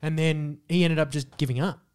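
Young Australian male co-host, slightly high voice, animated and profane storyteller. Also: fairly quick, smooth. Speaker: podcast co-host. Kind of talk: casual chat.

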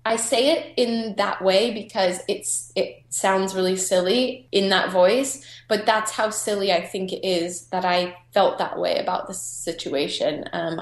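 A woman photographer telling her story in a candid, chatty way, filling pauses with "you know". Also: fairly low pitch, roomy sound. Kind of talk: casual personal storytelling.

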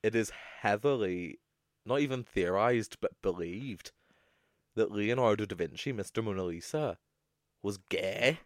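A young man co-hosting a podcast, talking in a chatty, animated way that is full of swearing. His voice sits fairly low, and the recording is dry and close. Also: measured pace, no room sound. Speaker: podcast co-host. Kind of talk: casual chat.

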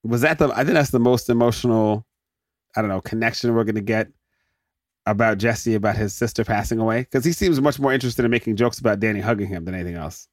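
A man hosting a podcast, recapping a sitcom episode in an animated, jokey way and slipping into quick mock voices for the characters. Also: lowish voice, dry recording, clean studio sound. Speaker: podcast host.

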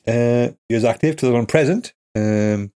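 A man co-hosting a casual podcast, chatting and reading aloud haltingly, laughing often. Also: medium pitch, dark tone, clear, resonant tone. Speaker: podcast co-host. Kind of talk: casual chat.

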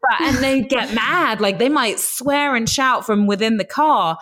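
A woman talking in a relaxed, reflective way in a casual chat, with drawn-out asides. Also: on the high side.

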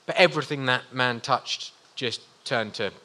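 A man's voice: medium pitch, normal speed, a little hiss or hum. Easygoing man chatting. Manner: relaxed, meandering with fillers. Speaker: co-host. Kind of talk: casual chat.

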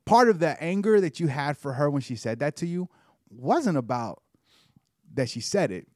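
Man co-host with a higher, lively voice, dry and close, blunt and joking. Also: normal speed, no echo. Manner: animated, blunt, wisecracking. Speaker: podcast co-host. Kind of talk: casual podcast conversation.

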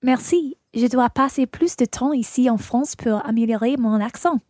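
A woman speaking lines in a scripted learner dialogue, with clear, careful phrasing. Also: on the high side, normal speed, mellow, dry recording, studio quality.

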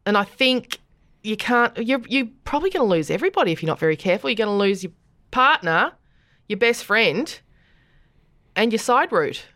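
A woman's voice: fairly high pitch, sing-song, a bit bright, no echo, studio quality. Gushing Australian woman podcast host. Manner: bubbly, gushing, quick to laugh. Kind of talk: casual chat.

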